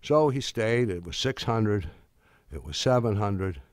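An older man giving a speech, telling wry stories in a halting way with many restarts and fillers. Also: fairly low pitch, expressive, dry recording, studio quality. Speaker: speaker. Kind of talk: anecdotal speech.

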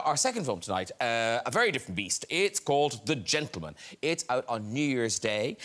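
A man hosting a chat show, teasing his guests and laughing easily. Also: medium pitch. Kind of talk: casual chat.

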